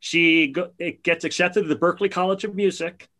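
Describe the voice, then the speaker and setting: Bright, high-voiced chatty man. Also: fairly even intonation, normal speed. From New Jersey area. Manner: enthusiastic storyteller, chatty. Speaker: podcast co-host. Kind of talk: casual chat.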